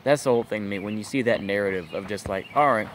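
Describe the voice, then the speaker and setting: A man's voice: lowish voice, quick pace, a little hiss or hum. A man hosting his own channel, ranting in an exasperated, incredulous way and leaning on fillers. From United States. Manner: exasperated, incredulous, lots of filler like "it's just like" and "bruh". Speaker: channel host, political commentator. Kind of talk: ranting vlog commentary.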